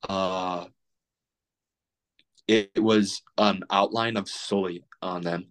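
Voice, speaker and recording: A deep, steady, slow male voice belongs to a young man in his twenties. As a podcast guest he rambles casually in relaxed chat, full of fillers and restarts.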